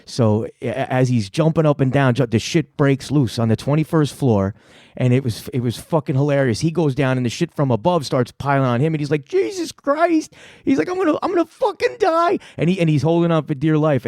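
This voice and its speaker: A middle-aged New Yorker hosting a comedy show tells a rambling, profane story packed with fillers in casual fashion. His voice is mid-range and dark, recorded clean in a studio with no room sound.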